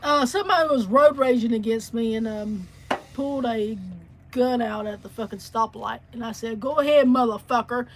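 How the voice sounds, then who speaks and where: A woman's voice: on the high side, moderate pace, slight background noise. A woman co-hosting a casual livestream chat, telling stories bluntly and with plenty of swearing. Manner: blunt, profane storyteller.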